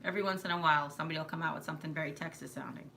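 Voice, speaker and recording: A woman's voice: low-pitched, fairly even intonation, rapid-fire, vocal fry, pushed and bright, slight background noise. A middle-aged woman from New York hosting a casual live stream, chatty and rambling, laughing often. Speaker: live stream host, mother.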